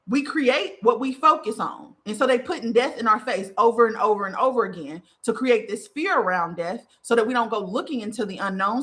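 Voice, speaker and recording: A woman's voice: a little high, fairly bright tone. A woman podcast host giving a spiritual monologue, fiery and profane, repeating phrases for emphasis.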